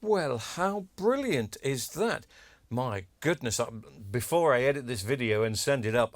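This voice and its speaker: Male, repair vlogger, chatty and cheeky, mid-pitched, dry room. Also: no echo. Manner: chatty, self-deprecating, cheeky asides. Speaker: electronics repair video maker. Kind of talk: casual demo talk to camera.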